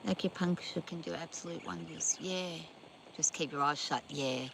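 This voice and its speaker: A woman's voice: low voice, moderate pace. A woman on a farm, casually telling rambling stories and talking to her horses. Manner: rambling anecdotes, chatting to the animals. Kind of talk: casual chatty storytelling. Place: outdoors on a farm. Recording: outdoor recording with background noise.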